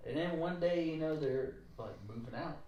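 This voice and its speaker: A middle-aged man hosting a podcast, talking in a rambling, animated way with jokey asides. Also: on the high side, moderate pace, distant mic, lo-fi sound. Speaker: podcast host. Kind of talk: casual interview chat. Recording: roomy, from off mic.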